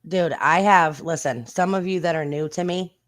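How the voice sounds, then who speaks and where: A woman hosting her own stream, chatting casually in a blunt, rambling way with plenty of swearing and quick bursts of speech. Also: lowish voice. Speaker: streamer and channel host. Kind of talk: casual live-stream chat.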